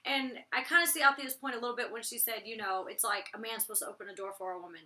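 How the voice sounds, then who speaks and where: A young woman with a raspy voice and a very sharp, tense tone, pitched a little high. She talks in a chatty, blunt vlog style, slangy and loose with mild cursing. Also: quick pace. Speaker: reality TV personality reviewing her episode. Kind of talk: casual vlog commentary.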